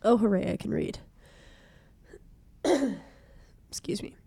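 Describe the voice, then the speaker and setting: A young woman with a cold, her voice hoarse and stuffy, chatting casually and self-deprecatingly while streaming a game from a small room. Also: mid-range voice, lively intonation, slow pace, mellow, no room sound. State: congested from a cold.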